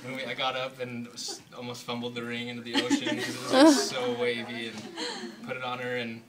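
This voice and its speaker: A young man telling a story casually to an audience, relaxed and chatty with nervous laughs. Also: mid-range voice, brisk, distant mic, crowd noise, rough recording. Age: young adult. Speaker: newly engaged college student.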